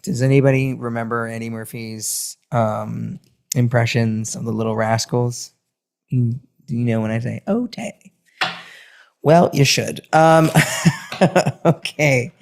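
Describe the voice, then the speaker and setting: A man talking through a casual astrology and tarot reading on his own. He's animated and sing-songy, with loose, emphatic delivery and the odd swear word. His pitch sits in the middle of the male range. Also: a little slow, creaky. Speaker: tarot reader.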